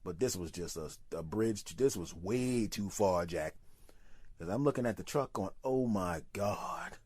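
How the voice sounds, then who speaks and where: A man telling a brash, profane comedy story as a podcast host, swinging into quick voices for the people he quotes. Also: deep voice, animated, a little mellow, slightly rough, no echo.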